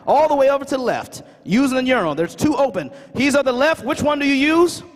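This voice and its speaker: A man with a notably high, quick voice delivers a comic keynote, tossing questions at the audience. His words ring through a large hall with a long echo. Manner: animated, asks the crowd questions, fond of "right?". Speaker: conference speaker. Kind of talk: comedic storytelling keynote. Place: conference hall stage. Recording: reverberant conference hall.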